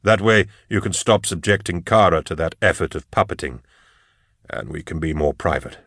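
A man playing a weary old male inquisitor in an audiobook, speaking low, hushed and measured. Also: expressive, no echo, studio quality, heavily acted. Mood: grave.

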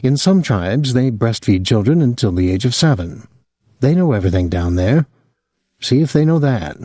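A man voicing a bitter, restless young wife who speaks in a sharp, sardonic way. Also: mid-range voice, very animated, normal speed, no room sound, clean studio sound. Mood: biting. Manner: sardonic, cutting.

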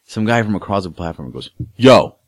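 A man telling a crude story in casual chat, swearing a lot and acting out quotes loudly. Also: lowish voice, animated, quick pace, no room sound, studio quality.

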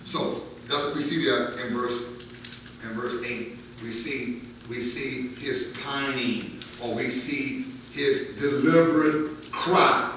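Emphatic pastor in a very echoey hall. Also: male voice, medium pitch, slow, slight background noise. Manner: emphatic, repeats words, builds to near-shouts. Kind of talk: Bible-study sermon. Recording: very echoey room, mic far off.

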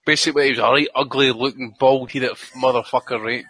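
A man's voice: medium pitch, steady tone, fast talker, bright, forceful tone, a little hiss or hum, poor audio. A Scottish man co-hosting a podcast, telling a crude, rambling story full of swearing and laughter. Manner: profane, rambling, laughs through his stories. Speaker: podcast co-host. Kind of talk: crude storytelling in casual chat.

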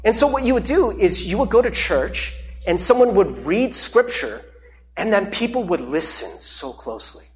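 A man's voice: high-pitched, big pitch swings, moderate pace, a little hiss or hum. A man preaching a conversational sermon as pastor, with many fillers and repeated words.

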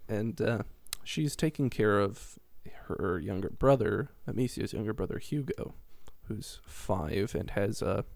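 Gravelly man casually recapping a game. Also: lowish voice, expressive, measured pace, hardly any pauses, a little mellow, dry recording. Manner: rambling, chuckling plot recap with mock voices. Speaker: podcast co-host recapping a game. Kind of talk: casual chat.

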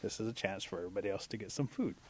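A man tells a traditional tale in an oral storytelling style. He is animated and expressive, acting out the animals as he goes. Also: on the low side, racing, husky. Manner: animated, acts out voices of animals.

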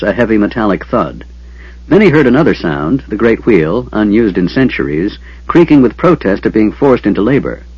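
A man narrating a fantasy audiobook in a steady, dramatic storytelling manner. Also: lowish voice, slightly rough, no room sound. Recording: dull lo-fi.

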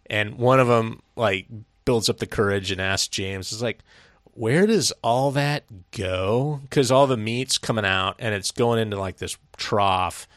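A middle-aged man with a low-pitched voice rambles through a story in casual podcast chat. He swears freely and laughs often. The sound is dry and close, with no room echo. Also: moderate pace, fairly bright tone. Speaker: podcast co-host.

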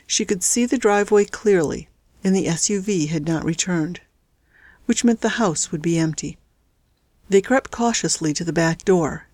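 A woman's voice: a little mellow, dry recording. A woman narrating a story aloud, reading every character's lines herself with small shifts in her voice. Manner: reads all characters with small pitch shifts. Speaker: audiobook narrator. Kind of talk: scripted narration.

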